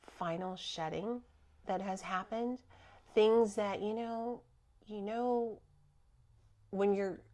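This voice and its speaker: Animated woman guest, laughs often. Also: medium pitch. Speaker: guest, spiritual healer. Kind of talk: casual spiritual chat.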